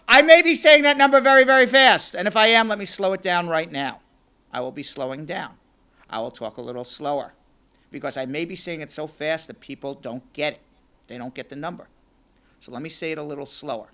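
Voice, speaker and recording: Hoarse high-voiced man hosting radio advice. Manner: fast, energetic, explains step by step. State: hoarse, losing his voice. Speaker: immigration lawyer and radio show host. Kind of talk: live call-in radio advice show.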